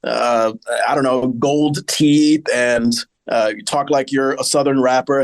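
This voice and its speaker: A man's voice: mid-range voice, fairly even intonation, a little slow. A man co-hosting a podcast, casually recapping a sitcom episode and joking along as he reads from his notes. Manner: chatty, joking, reads plot notes aloud.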